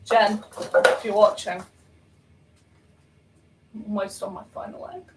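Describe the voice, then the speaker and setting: A woman's voice: medium pitch, flat delivery, takes it slowly, very noisy. A young woman chatting casually while baking at home, rambling and self-mocking with lots of ums and laughs. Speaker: baking vlogger. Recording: roomy kitchen, voice from far off.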